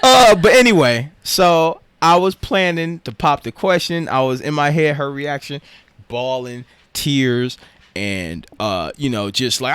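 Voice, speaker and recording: A man co-hosting a casual podcast chat, telling stories in an animated way and jumping up in pitch when excited. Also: moderate pace, no echo. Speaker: podcast co-host.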